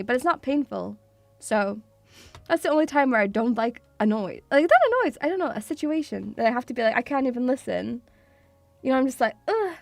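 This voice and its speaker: A woman VTuber streams casually to her viewers, chatty and self-mocking, swearing freely and laughing often while she talks through a quiz. Her voice is fairly high with vocal fry, and there's no echo.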